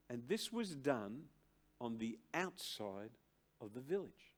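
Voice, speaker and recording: An older man preaching a sermon to a church congregation, slow and emphatic, with dramatic pauses and big swings between loud and soft. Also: medium pitch, big pitch swings. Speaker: pastor. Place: church service.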